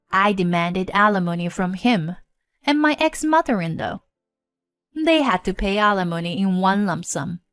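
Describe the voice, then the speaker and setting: Slow, expressive woman narrating a story. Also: medium pitch, no echo. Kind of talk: first-person story narration. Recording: dry close voice-over with faint music.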